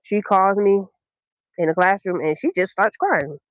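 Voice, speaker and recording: A woman from Brooklyn, hosting a podcast and telling a personal story in a candid, slangy, unhurried way with many ums. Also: medium pitch, no echo, rough recording. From Brooklyn, New York. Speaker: podcast host.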